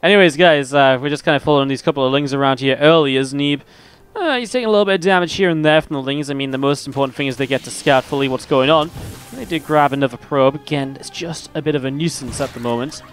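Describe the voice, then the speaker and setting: This man is an esports caster and streamer working a match alone, trading laid-back, meandering talk with his chat between calls and chuckling at his own stories. His voice is a little high, fast, clear and resonant, and soft music plays in the background.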